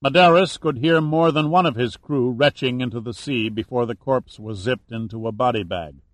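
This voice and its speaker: This is a male audiobook narrator with a medium-pitched voice, speaking at normal speed in a calm, even storytelling style. There's no echo.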